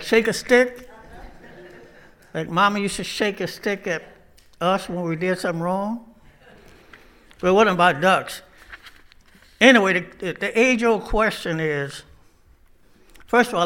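High, bright-voiced joking preacher man. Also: unhurried, pauses often. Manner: joking storyteller, loose casual grammar. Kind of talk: sermon with folksy jokes.

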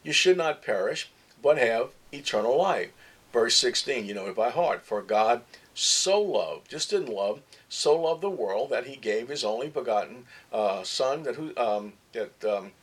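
Husky-voiced guy preaching, keeps repeating himself, lots of rhetorical questions, medium pitch. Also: lively intonation, moderate pace, a bit bright. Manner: emphatic, repetitive, with frequent restarts and rhetorical questions. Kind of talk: sermon.

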